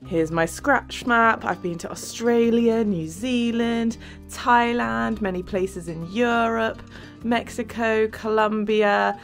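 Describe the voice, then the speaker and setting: A woman's voice: on the high side, steady tone, slow, soft background music. A young woman from England chatting upbeat to camera as a travel vlogger, laughing often. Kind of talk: casual vlog talk to camera.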